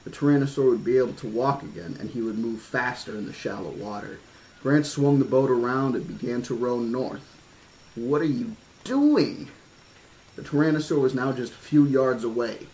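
A man's voice: mid-range voice, fairly quick, darkish tone, slight background noise, poor audio. A man reading a horror-themed novel aloud, stopping now and then for casual asides and restarts. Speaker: audiobook reader.

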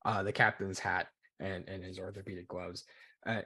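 Man, game master narrating a tabletop game, lowish voice, husky, halting with repeated words. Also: flat delivery, pushed and bright.

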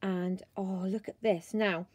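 Husky British woman with a cold. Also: medium pitch, fairly even intonation, slow, no room sound, rough recording. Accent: British English. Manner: gushing and warm, frequent ums, gasps with delight. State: croaky from a cold. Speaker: craft vlogger. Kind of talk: casual show-and-tell chat.

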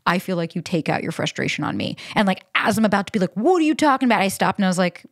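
A woman's voice: on the low side, fast talker, dry recording, studio quality. A woman hosting a podcast in casual chat, candid and swearing freely. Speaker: podcast host.

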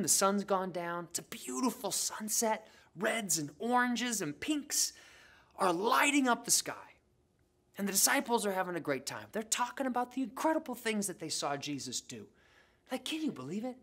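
A woman's voice: medium pitch, a bit bright. A woman telling a Bible story to children in a playful, dramatic way, full of slang and jokes. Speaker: children's ministry leader. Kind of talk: animated Bible storytelling for kids.

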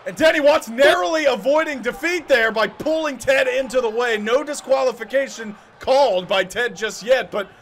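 A man's voice: very high-pitched, normal speed, hardly any pauses, a little hiss or hum. A man calling play-by-play for a video game wrestling show from a commentary booth, naming moves and counting pinfalls. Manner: calls moves and pinfall counts, often shouting.

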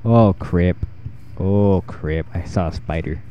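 A man's voice: sits low, slow, highs cut off, slight background noise. A man hosting his gaming channel, giving rambling, jokey commentary with jumpy reactions while he plays. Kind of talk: casual gameplay commentary.

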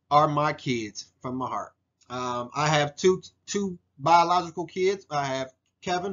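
A man's voice: a little high, a bit bright, lo-fi sound. Earnest man in his forties presenting photos. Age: 40s. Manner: earnest and heartfelt, with frequent ums and restarts. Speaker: student presenter. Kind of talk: narrated photo slideshow presentation.

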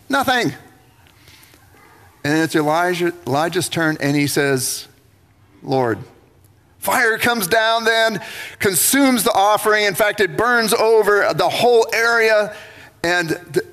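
A pastor delivers a sermon with lively, theatrical storytelling, acting out each figure. His voice sits a little high. Long reverb from the church sanctuary trails each phrase. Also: moderate pace.

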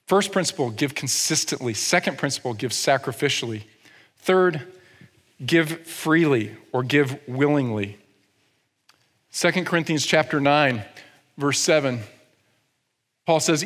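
A man's voice: fairly high pitch, expressive, a little slow, pauses often, fairly bright tone. A male pastor giving a sermon in a conversational, humorous way, often checking in with the audience. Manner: humorous asides. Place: church. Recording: long reverb in a church hall.

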